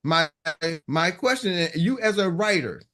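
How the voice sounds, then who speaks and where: A man's voice: high-pitched, lively intonation, measured pace, sharp tone. A man leading a motivational sales coaching call, talking emphatically, repeating himself and acting out what customers say.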